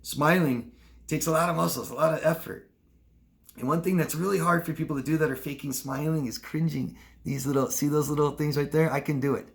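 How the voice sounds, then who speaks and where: A man's voice: a little high, fairly even intonation, fairly quick, gravelly. A man working as a relationship coach, explaining in a conversational, instructional way and acting out short examples. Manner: conversational, acts out short demonstrations of lying and truth-telling. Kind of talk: instructional talk to camera.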